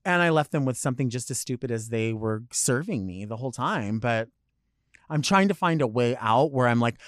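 A drag performer in animated conversation on a podcast, swearing freely and acting out little scenes as he goes. His voice sits at a middle pitch and sounds close on the mic. The sound is dry, with no room around it. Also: fairly quick, no echo. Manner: animated storytelling, acts out quotes, swears freely. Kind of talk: casual podcast chat.

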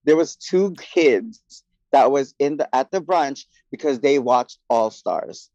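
Expressive man telling a funny story. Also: mid-range voice, highs cut off. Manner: laughing, expressive, quick asides. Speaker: podcast co-host. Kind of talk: casual chat.

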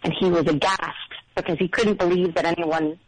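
A woman's voice: fairly low pitch, fairly even intonation, fairly quick, no room sound, poor audio. A middle-aged woman calling in to a show, telling a story casually with many ums and self-doubt. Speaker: caller. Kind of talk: casual phone call story.

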